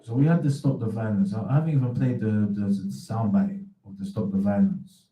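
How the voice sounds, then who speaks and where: A man's voice: on the low side, brisk, few pauses, echoey room, far from the mic, lo-fi sound. A man hosting a radio show in a casual, rambling way, full of slang and repeated words. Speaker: radio host.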